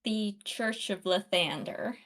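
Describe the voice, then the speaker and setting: A woman's voice: mid-range voice, takes it slowly, fairly bright tone. A woman player in a tabletop game, chatting casually. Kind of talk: casual chat.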